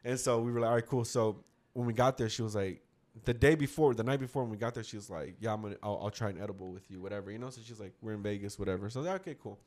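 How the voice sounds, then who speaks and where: A man's voice: lowish voice, rapid-fire, a little mellow. A man telling a rambling, slangy story in a casual chat with friends. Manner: rambling, slangy, quotes others mid-story.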